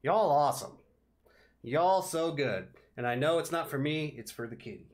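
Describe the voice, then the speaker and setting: A man streaming a video game live, excitably yelling at enemies and thanking his viewers. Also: fairly high pitch, moderate pace. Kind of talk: live gameplay stream commentary.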